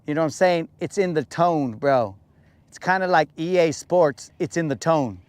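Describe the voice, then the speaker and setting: A man hosting a casual fishing podcast, talking in a lively, slangy way and acting out the voices he quotes. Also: fairly high pitch, moderate pace, dry recording. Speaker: podcast host. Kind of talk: casual chat. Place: boat on a lake.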